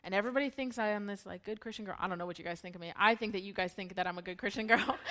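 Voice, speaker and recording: A woman's voice: mid-range voice, rapid-fire, a bit bright, a little hiss or hum. A woman in her thirties shares a personal testimony with a church group. She talks candidly and emotionally and laughs often between her sentences. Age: 30s. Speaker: church speaker.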